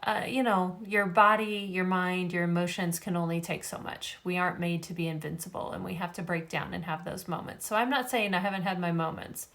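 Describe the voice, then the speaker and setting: A woman's voice: lowish voice, fairly even intonation, a little fast, few pauses, a bit bright. A middle-aged woman speaking to camera in a casual vlog about faith. She talks earnestly and rambles with many fillers, and she is tired after a migraine. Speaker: vlogger.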